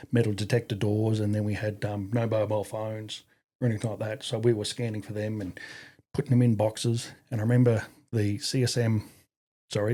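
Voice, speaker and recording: Husky, profane Australian man. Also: on the low side. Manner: profane, animated, acts out quotes. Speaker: guest. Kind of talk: casual storytelling.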